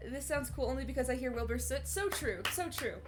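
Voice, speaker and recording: A woman's voice: high voice, lively intonation, a little fast, over music. A young woman chatting casually on a live stream before reading fan fiction, giggly and full of fillers and restarts, on a cheap streaming mic. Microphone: cheap streaming mic on a laptop.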